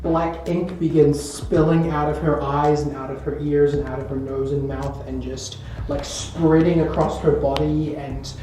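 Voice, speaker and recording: A woman's voice: low voice, fairly even intonation, measured pace, few pauses, dark tone. Woman game master in an echoey room. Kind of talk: narrating a tabletop game. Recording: distant echoey room, faint noise.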